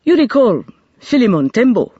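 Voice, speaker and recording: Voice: mid-range voice, very animated, moderate pace, dark tone, breathy edge, no echo, highs cut off, voice pushed up. A narrator voicing a reserved male police inspector with a clipped English accent in an audiobook.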